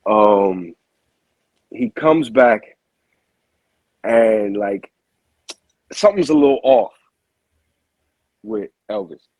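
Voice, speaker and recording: A boxing manager tells his story in loose, slangy talk and keeps restarting his sentences. His voice is husky. The sound is close and dry. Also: fairly low pitch, extremely slow, long pauses, no echo, poor audio. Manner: animated storyteller, heavy slang, frequent restarts. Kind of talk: casual interview storytelling.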